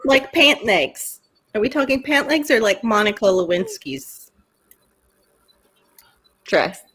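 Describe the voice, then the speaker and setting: A woman's voice: on the high side, animated, slow pace, fairly bright tone. A woman co-hosting a live stream in casual group chat, giggly and teasing. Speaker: livestream co-host.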